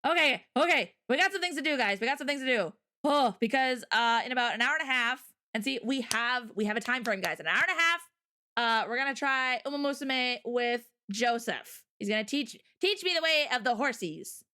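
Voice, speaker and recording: A woman's voice: high-pitched, animated, fairly quick, bright, forceful tone. A woman hosting a livestream, chatting casually and rambling through stories and viewer comments, often breaking into laughter. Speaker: livestream host.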